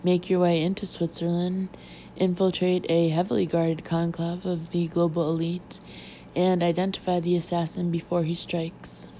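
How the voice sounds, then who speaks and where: Dry, sarcastic male analyst, read by a woman; dark, gravelly, even. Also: on the low side, moderate pace, highs cut off, a little hiss or hum, natural voice. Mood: stony. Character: stony, sardonic male analyst.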